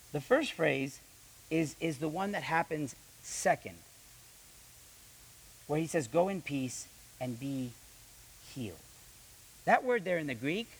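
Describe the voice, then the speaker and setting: Animated young male preacher, slightly high voice. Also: husky, poor audio. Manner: animated, mimics voices in quotes, repeats words. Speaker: pastor. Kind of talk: sermon.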